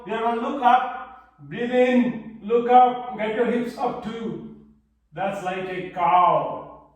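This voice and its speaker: Brief: male kids' yoga teacher, high voice, cheerful simple cues, camera far across a very echoey room. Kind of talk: live online yoga class instruction.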